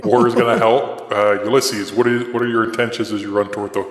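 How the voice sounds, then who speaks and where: A man's voice: lowish voice, flat delivery, quick pace, roomy sound, in a large hall. A man running a tabletop game as game master, narrating unhurriedly with many fillers.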